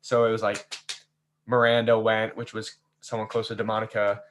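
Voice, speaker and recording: A man hosting a casual after-show chat, telling a season's story in an animated way and acting out players' lines. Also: on the low side, normal speed, a little hiss or hum. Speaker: game host recapping a season.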